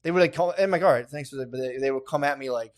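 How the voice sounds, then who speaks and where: A man in his thirties, co-hosting a comedy podcast, trades stories in loose, profane chat at an ordinary mid pitch. He keeps breaking into laughter as he goes. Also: racing. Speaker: podcast co-host.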